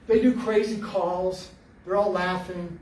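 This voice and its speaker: A man telling an animated, joking story to an audience, acting out what people said. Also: high voice, a little slow. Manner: animated storyteller, jokey, acts out quotes. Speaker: Bigfoot researcher giving a library talk. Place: library meeting room. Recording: roomy hall, mic at a distance, faint noise.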